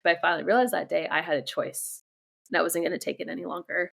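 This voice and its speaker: A young woman, an interview guest, speaks candidly about her own life, bluntly and with free swearing, often stopping to restart sentences. Her voice is fairly low and a bit bright with vocal fry, fairly even intonation and a quick pace.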